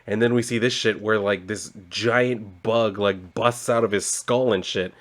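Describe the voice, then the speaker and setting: A man's voice: fairly low pitch, steady tone, unhurried. A man casually recapping a comic book, loose and rambling, full of fillers and laughs. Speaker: comic reviewer.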